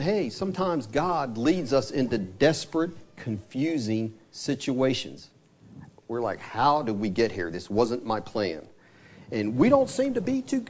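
Earnest preacher man, higher voice. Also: a little mellow. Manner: earnest, fond of rhetorical questions and tag questions; reads scripture aloud in King James wording. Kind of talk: evening church sermon.

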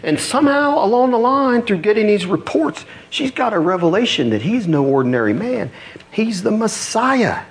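Middle-aged male pastor, animated storyteller, somewhat high voice with a wide range. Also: normal speed. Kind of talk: sermon.

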